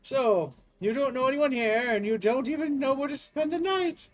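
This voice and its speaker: A man voicing a fussy, genteel old-fashioned male professor with a put-on posh accent, talking high and chirpy. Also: moderate pace, faint music behind.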